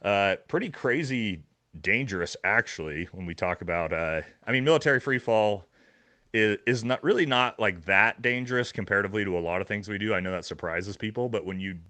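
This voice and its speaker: Host guy, lowish voice, bright edge, rambles a lot before his question. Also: a little fast. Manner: rambling, filler-heavy, restarts. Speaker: podcast host. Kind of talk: casual interview chat.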